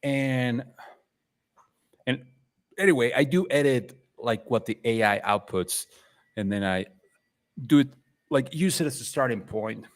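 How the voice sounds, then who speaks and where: A man's voice: mid-range voice, animated, unhurried, long pauses. A man hosting a livestream in a chatty, rambling, playful way. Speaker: livestream host. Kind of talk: casual live chat.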